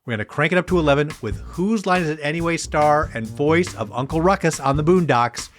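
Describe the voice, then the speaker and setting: A man's voice: fairly high pitch, expressive, a little fast, soft background music. A man co-hosting a podcast, reading the scripted intro and outro. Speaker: podcast co-host.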